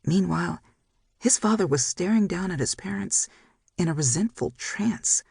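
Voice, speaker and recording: A narrator reads a dramatic novel in measured, even storytelling. The voice is gravelly and husky, recorded close in a dry studio with no room sound. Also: medium pitch, no echo. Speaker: audiobook narrator. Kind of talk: scripted narration.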